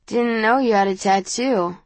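A woman's voice: medium pitch, a little slow, dry recording, natural voice. A woman voicing a tipsy, teasing young man. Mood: soft, teasing.

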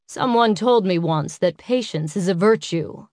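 A woman voicing a possessive, teasing adult male vampire lover in an audiobook, with a low, hoarse, commanding murmur. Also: animated, a little slow, darkish tone, no room sound, clean studio sound.

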